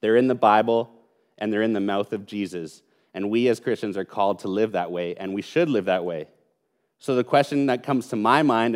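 Earnest male preacher. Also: medium pitch. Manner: earnest, emphatic preaching with pauses and repetition. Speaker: pastor. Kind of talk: sermon.

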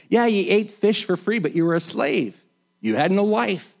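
A man preaching a sermon. He is animated, rises to emphatic bursts, and acts out quoted lines. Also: high voice, normal speed, gravelly.

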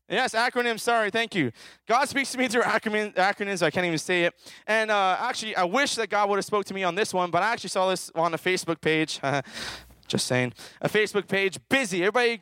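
A man's voice: sits high, fairly bright tone, clean tone, no echo. A man, a children's minister, preaching a playful sermon and calling on the audience to answer and repeat after him. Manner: playful, calls out for audience participation.

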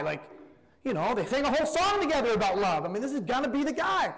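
A man in his thirties preaching a sermon, telling stories in a lively, rambling way with lots of fillers. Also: very high-pitched, quick pace, in a large hall, poor audio. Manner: animated, rambling storyteller with many fillers. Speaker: youth pastor turned preacher. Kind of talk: sermon with storytelling.

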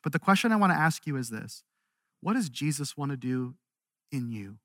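A man preaching a recorded sermon as a pastor, earnest, rising with energy and then dropping to quiet, slow emphasis. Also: mid-range voice, big pitch swings, dry recording, studio quality. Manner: earnest, builds up then drops to a hush.

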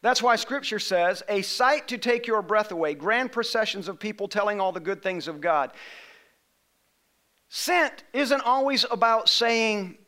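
High, bright-voiced male pastor preaching. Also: expressive, unhurried. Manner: emphatic, rising to shouts on key phrases; leads call-and-response with the congregation. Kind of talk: sermon. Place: church sanctuary.

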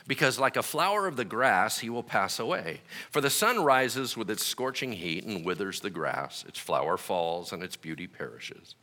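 A male pastor delivers a conversational sermon, checking in with "right?" and acting out voices in quoted asides. His lowish voice swings widely in pitch, moving at normal speed with few pauses and a sharp tone.

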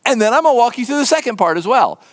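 A man preaching a sermon as pastor, in an earnest, conversational way, dropping to a hushed whisper for emphasis. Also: very high voice, sing-song, very fast.

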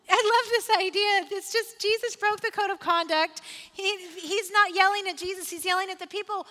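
A woman's voice: very high voice, fairly quick, bright, forceful tone, long reverb tail. A woman pastor preaching a sermon, conversational and personal, building to emphatic repeated refrains.

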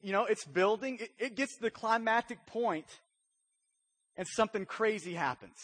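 A man with a notably high voice preaches a relaxed, joking sermon. He tells his story conversationally and keeps tossing "right?" to the congregation. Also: moderate pace. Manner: conversational storytelling with frequent "right?" check-ins. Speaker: pastor. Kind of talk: casual, humorous sermon.

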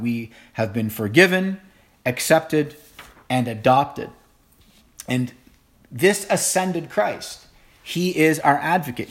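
A middle-aged man preaching a sermon, telling a story earnestly with frequent fillers and restarts. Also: mid-range voice. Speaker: pastor.

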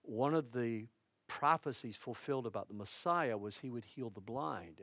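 A middle-aged man preaching a sermon as pastor, telling stories with dramatic punch and dropping to a hushed tone in prayer. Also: mid-range voice, dry recording. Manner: storytelling preacher who dramatizes quoted shouts; drops to a soft, hushed tone in prayer.

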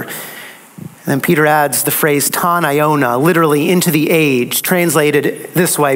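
A man with a high-pitched voice delivers a sermon. He speaks slowly and dramatically. He repeats key phrases for emphasis. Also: a bit bright. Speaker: preacher. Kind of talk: expository sermon.

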